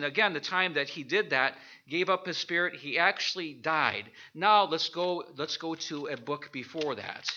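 A man teaching an informal Bible study, thinking aloud with halting restarts and rhetorical questions. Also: on the high side, pushed and bright, lo-fi sound.

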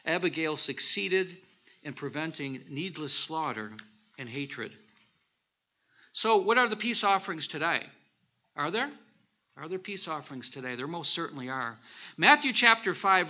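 A man, a minister, preaching a sermon with animated storytelling and scripture reading, on a dull lo-fi recording. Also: on the high side, unhurried, pauses often.

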